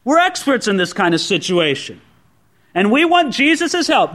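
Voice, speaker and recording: A pastor preaching a sermon in a conversational way, acting out the quoted speech of others. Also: male voice, high voice, big pitch swings, normal speed, fairly bright tone.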